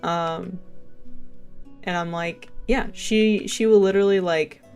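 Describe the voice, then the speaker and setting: Her voice is fairly low, steady in tone and slow, darkish, clear and resonant. She's a young livestreamer chatting and rambling, leaning heavily on "like" and "um" and often laughing between sentences while faint game music plays behind her.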